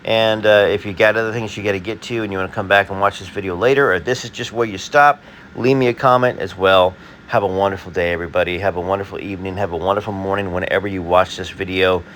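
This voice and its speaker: A man hosting his video and reading viewer comments in a casual, halting way, full of fillers and restarts; he sounds tired. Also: sits low, fairly even intonation, a bit bright, a little hiss or hum.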